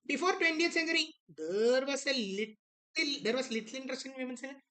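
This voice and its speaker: A woman's voice: sits high, fairly quick, a bit bright, poor audio. A woman, teaching an online exam prep lesson, repeating key words and acting out an author's attitude.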